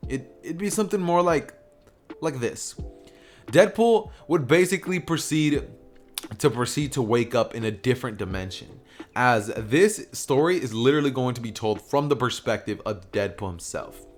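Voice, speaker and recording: A man's voice: mid-range voice, animated, moderate pace, faint music behind. A man casually narrating a fan-made story, rambling with fillers and self-corrections. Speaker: YouTube storyteller.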